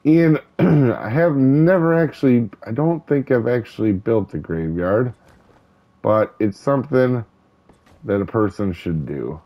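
A man hosting a gaming channel, chatting casually over gameplay in a relaxed, rambling way with many ums and uhs. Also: mid-range voice, a little slow, lo-fi sound. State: hiccups. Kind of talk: casual let's-play commentary.

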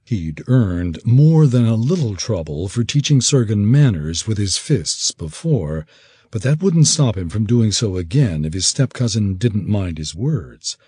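A man reading an audiobook in expressive, measured scripted narration. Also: on the low side, slightly rough, dry recording, studio quality.

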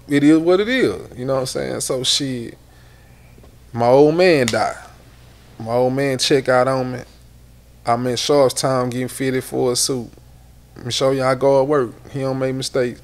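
Gravelly Houston man telling stories. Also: mid-range voice. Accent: Houston Southern. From Houston, Texas. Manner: rambling, repeats words, swears a lot. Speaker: interview guest, rapper. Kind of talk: casual storytelling interview.

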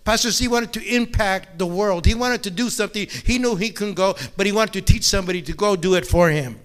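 A man with a high, smooth voice preaches in a church. He tells folksy stories and fills his pauses with amen. He builds up as he talks about his spiritual fathers. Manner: repeats amen often, folksy joke-telling, bilingual. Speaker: pastor. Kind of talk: sermon. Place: church sanctuary.

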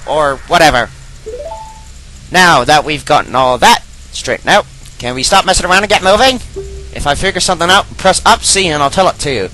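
A pushy young fairy girl barks orders in a high, lively voice, as a man raises his voice to play her. She is impatient and bossy, and her tone is bright and tense. She sounds like a game figure read aloud for a let's play. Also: poor audio. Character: bossy sharp-tongued young female fairy. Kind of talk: reading game dialogue aloud.

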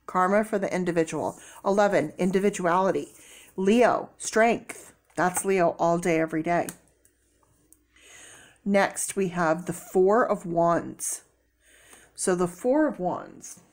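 Female tarot reader, slow and chatty, given to excited bursts. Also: on the low side. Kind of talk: casual tarot reading.

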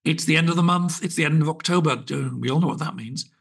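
Gravelly, husky British man hosting a podcast. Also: on the high side, fast talker, fairly bright tone. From Britain. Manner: chatty, wry, rambling with fillers. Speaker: podcast host. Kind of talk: casual solo podcast chat.

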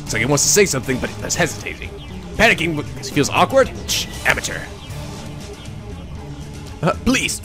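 Giggly, wildly animated man gamer. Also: fairly high pitch, fairly quick, pauses often, music in the background. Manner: giggly, playful, theatrical. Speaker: let's play host. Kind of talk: reading a visual novel aloud with comic voices.

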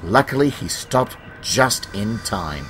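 A man narrating a children's story in a calm, measured way, over loud background music. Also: fairly low pitch, very noisy.

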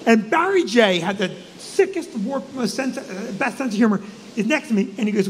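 A comedian co-hosting a live show, telling an animated, profane story and shouting his punchlines. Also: extremely high pitch, fairly quick, in a large hall, a little hiss or hum. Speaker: comedian and co-host.

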